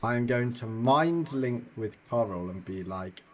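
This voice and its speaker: A man's voice: mid-range voice, expressive, unhurried, low-quality recording. A young man playing in a tabletop game, chatting casually and laughing often. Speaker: player.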